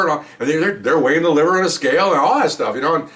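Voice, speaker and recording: Fast-talking retired police storyteller man. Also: fairly high pitch, expressive, fairly bright tone, far from the mic. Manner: rambling, acts out quotes in a raised voice. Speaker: retired police officer telling stories. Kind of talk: casual spoken storytelling.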